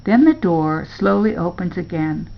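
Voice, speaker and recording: An older woman reading a children's story aloud in a slow, measured way. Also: fairly low pitch, lively intonation, vocal fry, highs cut off.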